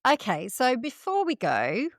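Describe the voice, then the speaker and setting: A woman's voice: high-pitched, huge pitch swings, a little slow, no room sound, studio quality. A woman in her forties hosting a podcast, reminiscing and asking her guest prompting questions. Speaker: podcast host. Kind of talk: casual chat.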